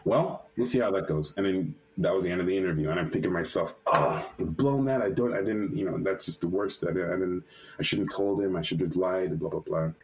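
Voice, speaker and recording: A male animator, a guest in an interview, telling a personal story lively and acting out the quotes, with many restarts and fillers. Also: deep voice, fast talker, rough recording. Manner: lively retelling that acts out quotes.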